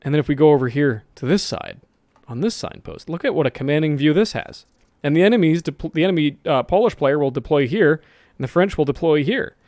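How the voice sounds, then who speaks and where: A man's voice: a little high, animated, a little fast, darkish tone, no room sound, clean studio sound. A man giving casual, rambling commentary over a strategy game, correcting himself often and dropping jokey asides. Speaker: gaming video host.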